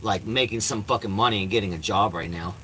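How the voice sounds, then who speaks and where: A man's voice: on the low side, fast, bright, forceful tone, a little hiss or hum, rough recording. A man vlogging casually from his RV. He talks bluntly and swears often. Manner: blunt, profane, talks to his cats in baby talk. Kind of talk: casual rambling vlog. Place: inside an RV.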